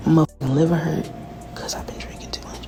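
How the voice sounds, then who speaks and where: A woman in a candid, rambling, profane monologue, often dropping to a hushed whisper. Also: low voice, fairly even intonation, fast, vocal fry, over music. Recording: noisy background.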